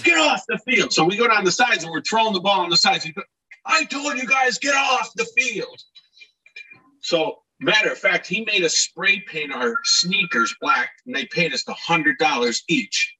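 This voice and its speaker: A man with a very bright, somewhat husky voice tells his stories in a lively way and often restarts his sentences. He sounds a little distant from the mic, and his pitch sits a bit high. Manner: animated, acts out shouted quotes, many restarts. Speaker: guest, former ballplayer telling stories. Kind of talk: casual storytelling interview.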